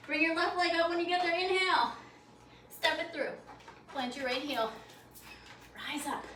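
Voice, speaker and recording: In a library program room, a high-pitched yoga instructor gives quick, upbeat, encouraging cues, a little breathless as she moves, her tone steady, pushed and bright. She's recorded from a distance in an echoey space, with a faint hum beneath her voice.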